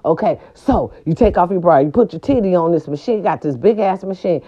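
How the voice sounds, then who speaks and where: A woman's voice: fairly low pitch, animated, brisk. Blunt, profane woman vlogger, lo-fi sound. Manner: blunt, profane, playful, talks straight to viewers. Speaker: vlogger telling a story to viewers. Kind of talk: casual storytelling vlog.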